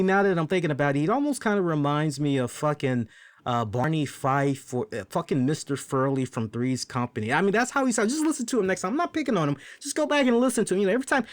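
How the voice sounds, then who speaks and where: A man hosting a podcast, casually reviewing wrestling in a chatty, profane, animated way. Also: high-pitched, a little fast, no echo. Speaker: podcast host.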